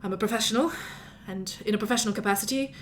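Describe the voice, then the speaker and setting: A man's voice: high voice, rapid-fire, a bit bright, slight background noise. A man voicing a stern, professional male lawyer who speaks in clipped, formal sentences.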